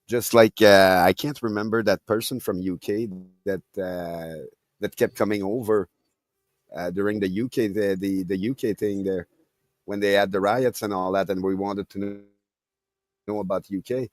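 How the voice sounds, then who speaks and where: A man from Quebec with a Québécois French accent, chatting casually on a podcast, halting and often restarting his words. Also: on the low side, steady tone, no room sound. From Quebec, Canada. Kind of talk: casual late-night chat.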